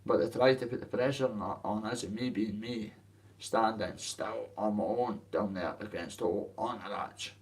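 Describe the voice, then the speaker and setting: A man's voice: lowish voice, normal speed, recorded from a distance. A man with a Dundee Scottish accent, ranting to camera about his boxing, in a coarse, rambling way with plenty of swearing. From Dundee, Scotland. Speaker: boxer telling his story. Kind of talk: casual rant to camera.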